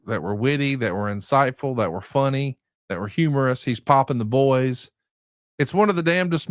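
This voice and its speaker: Male podcast co-host, dry close sound, animated storyteller who leads into questions. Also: medium pitch, clean tone, no room sound. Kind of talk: casual podcast chat.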